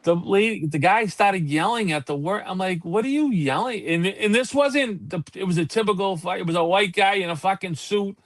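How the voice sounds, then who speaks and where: A man's voice: high voice, moderate pace, few pauses, no echo. Guy on a live show, swears a lot, dry close sound. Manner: profane, animated storytelling. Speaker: podcast co-host. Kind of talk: casual chat.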